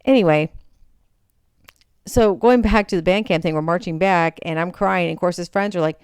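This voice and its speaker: A woman's voice: on the low side, brisk, clear, resonant tone, no echo, clean studio sound. Woman podcast host telling a story. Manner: animated, acts out quoted voices. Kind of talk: storytelling monologue.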